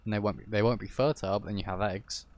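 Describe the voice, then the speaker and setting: A man's voice: lowish voice, steady tone, quick pace. A man streaming a game live, chatting casually with friends, teasing and swearing offhandedly.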